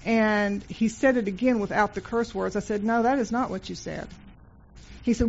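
A woman's voice: medium pitch, fairly even intonation, brisk, darkish tone, slightly rough, lo-fi sound. Earnest woman giving a devotional talk. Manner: earnest storytelling, repeats phrases. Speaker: Christian speaker.

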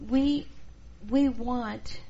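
A middle-aged woman teaching a church class, expressive and acting out the people she quotes. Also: on the high side, drawn-out words. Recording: dull lo-fi recording, faint noise.

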